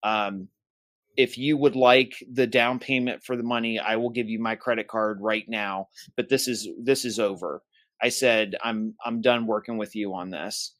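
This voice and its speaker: A man's voice: lowish voice, steady tone, moderate pace, a bit bright, dry recording. A man co-hosting a podcast, casually retelling a tense phone call and quoting both sides in his own voice. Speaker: podcast co-host. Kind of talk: casual storytelling.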